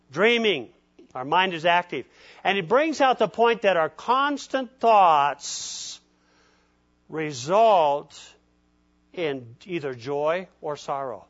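A male pastor giving a conversational sermon in a folksy way, often checking in with his listeners. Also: on the high side. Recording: dull lo-fi recording.

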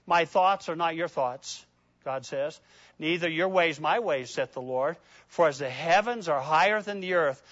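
A man preaching a sermon, swinging between loud emphatic peaks and hushed prayerful asides, reading scripture slowly and deliberately. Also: fairly high pitch, dry recording, highs cut off. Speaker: pastor.

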